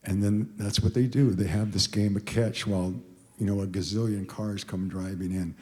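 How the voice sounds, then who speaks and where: An older man of around 80 speaks from a concert stage in a somewhat low voice, stumbling through an emotional story with restarts and fillers. His words ring out with the long reverb of a concert hall. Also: fairly even intonation, moderate pace, darkish tone. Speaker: singer telling a story on stage. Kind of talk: rambling spoken stage story between songs.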